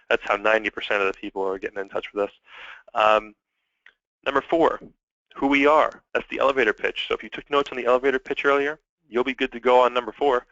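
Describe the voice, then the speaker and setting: Male sales trainer, mid pitch, upbeat coaching delivery; dull, dry lo-fi recording. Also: quick pace, pushed and bright, no echo. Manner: upbeat, coaching, numbered points. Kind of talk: training lecture.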